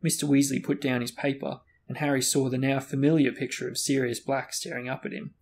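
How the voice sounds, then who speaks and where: A man's voice: medium pitch, flat delivery, a little fast, gravelly, hardly any pauses, a little mellow. A man reading a fantasy novel aloud as host of a book discussion. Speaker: reader and host.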